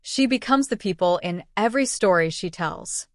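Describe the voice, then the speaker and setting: A woman reading scripted narration for a clip compilation in a smooth, even delivery. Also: mid-range voice, normal speed, noisy background.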